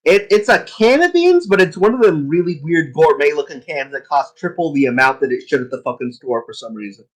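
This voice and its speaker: A man's voice: a little high, expressive, fairly quick, few pauses, rough recording. A young man narrating as game master of a tabletop game, casual and profane, rambling as he describes the scene.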